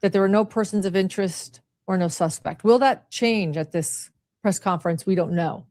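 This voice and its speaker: A woman's voice: medium pitch, moderate pace, darkish tone, dry recording, studio quality. A woman reporter giving a firm, emphatic live stream update on a criminal case. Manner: firm and emphatic, repeats the key point. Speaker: crime reporter. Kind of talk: live stream news commentary.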